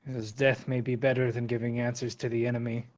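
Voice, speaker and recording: A proud, wounded giant, as a man voices him speaks slowly and loudly with heavy scorn. The voice sits at an ordinary middle pitch for a man. This is a tabletop game told around the table. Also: flat delivery, lightly acted. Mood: bitter.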